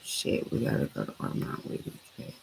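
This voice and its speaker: A woman's voice: moderate pace, a little mellow, a little hiss or hum, poor audio. A woman hosting a late-night live stream, ranting bluntly and with lots of swearing.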